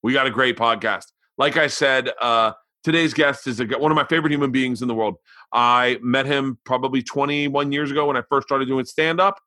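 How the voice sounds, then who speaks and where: A man in his forties, a comedian hosting his podcast, telling stories in a profane, animated, exasperated way and reading an ad. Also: mid-range voice, fairly quick, no echo. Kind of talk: casual storytelling and ad read.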